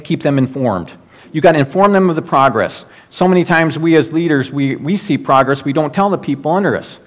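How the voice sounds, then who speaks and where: A middle-aged male pastor preaching a sermon in an earnest, exhorting way, slowing down and dropping his voice when quoting prayers and scripture. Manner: earnest preaching, drops low and slow for quoted prayers and scripture.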